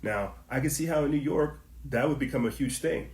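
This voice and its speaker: A man's voice: mid-range voice, fairly quick, darkish tone, roomy sound. A man hosting a political commentary podcast, talking straight to his listeners in a heated, preachy way and circling back to the same points. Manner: heated, preachy, repetitive, speaks to listeners directly. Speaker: podcast host.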